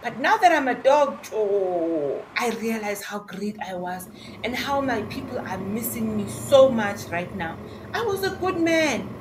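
A woman's voice: a little high, unhurried, background noise. Woman playing a proud dog who was once a man, South African. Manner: lively, with township slang. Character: young man turned dog, proud and nostalgic. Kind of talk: audio drama acting.

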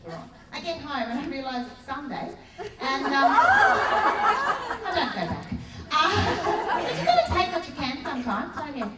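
A woman's voice: high voice, very animated, normal speed, a loud crowd, heavy background noise. A middle-aged woman with an Australian accent performing a stand-up comedy routine, telling self-mocking stories with punchy asides. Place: large expo hall stage. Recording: echoey hall, distant mic, loud audience laughter. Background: audience laughing loudly.

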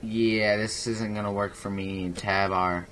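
With a faint hiss under the audio, a young gaming YouTuber talks through his game in an unhurried, rambling, casual way. His fairly low voice mixes self-mockery with excitable bursts.

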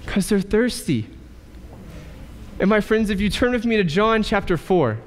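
A male pastor preaching a sermon in a church, asking rhetorical questions and pausing for effect. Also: sits high, lively intonation, slight background noise. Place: church sanctuary. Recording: church hall reverb.

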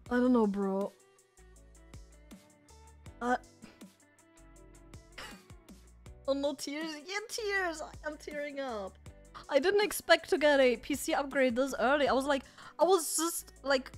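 A woman streamer chatting casually with her viewers, excitable and swearing freely. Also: high-pitched, takes it slowly, long pauses, faint music behind.

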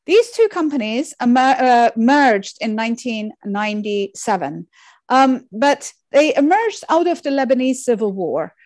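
Woman lecturer, slightly high voice, dry close recording, halting and careful. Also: big pitch swings, darkish tone, no echo. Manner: measured, many fillers and restarts. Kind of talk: academic lecture with slides.

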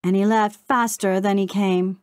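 A woman's voice: mid-range voice, steady tone, measured pace, no room sound, clean studio sound, pitched above the performer's own voice, lightly acted. A woman voicing a fussy male crow who reads out the news in a sing-song, clipped delivery. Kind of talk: audiobook character voice.

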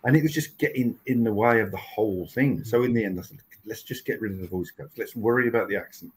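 A man's voice: fairly low pitch, fast, husky, rough recording. A man in his sixties, a TV writer and show creator, talking as a guest in a casual podcast interview, telling stories with many restarts. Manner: rambling storytelling with many restarts.

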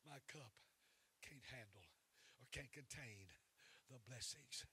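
A man preaching a sermon, swinging between loud fervent prayer and casual joking asides. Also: mid-range voice, slow, slight background noise. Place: church sanctuary.

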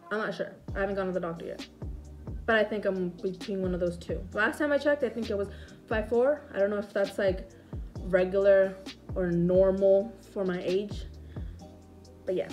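A woman's voice: mid-range voice, a little mellow. Chatty young woman, rambling and swearing. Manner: rambling, lots of "like", swears freely. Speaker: vlogger. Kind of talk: casual Q&A story time.

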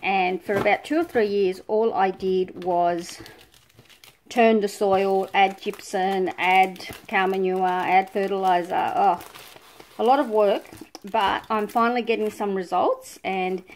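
A woman's voice: medium pitch, steady tone, unhurried. Aussie lady crafter gushing over her scrapbook unboxing, lots of oohs, casual chat. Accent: Australian. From Australia. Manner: gushing, breathy exclamations of delight. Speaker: scrapbooking vlogger.

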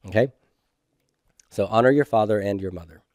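A man's voice: fairly low pitch, normal speed, darkish tone, dry recording, studio quality. A man teaching a homework review lecture, patiently asking questions and answering them himself. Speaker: Hebrew instructor.

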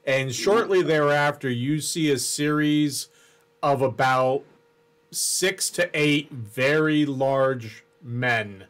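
A man running a tabletop game as game master, describing scenes in a halting, unhurried way with many restarts. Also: medium pitch, a bit bright.

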